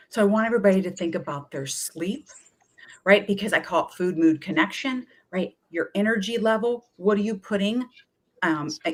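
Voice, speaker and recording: A middle-aged woman, a wellness coach, telling lively stories in an interview and acting out what people said to her. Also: mid-range voice. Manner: energetic, chatty, often acts out quoted voices. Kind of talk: animated storytelling in a talk-show interview.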